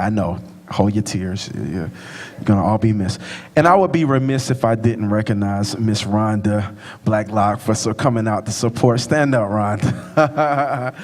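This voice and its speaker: A man who directs a choir, thanking people from the stage in an informal, direct way. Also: mid-range voice. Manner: warm, informal, addresses audience directly. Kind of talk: concert thank-you speech. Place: large concert hall with audience. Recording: long hall reverb, audience sounds.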